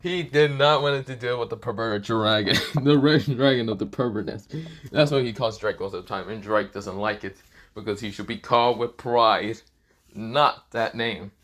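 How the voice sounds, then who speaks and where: A man improvises a fan-fiction story out loud, rambling from beat to beat with the same filler phrases over and over. His voice sits a little low and plain. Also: normal speed.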